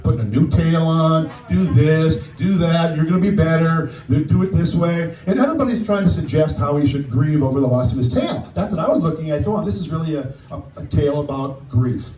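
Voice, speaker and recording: An older man giving a memorial speech as guest speaker, telling a personal story in a halting way, often repeating words. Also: a little high, darkish tone. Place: outdoor memorial gathering. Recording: distant echoey sound with faint noise.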